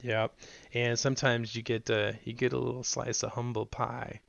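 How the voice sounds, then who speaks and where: A man co-hosting a podcast in casual chat, an animated storyteller who acts out the people he quotes. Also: medium pitch, moderate pace, creaky, no echo. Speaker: podcast co-host. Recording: dull, lo-fi podcast mic.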